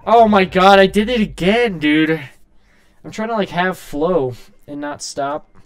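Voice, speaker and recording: A man doing casual, excitable gameplay commentary, swearing and shouting at his character while saying he is hungry and tired. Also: high voice, measured pace, smooth. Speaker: gaming streamer.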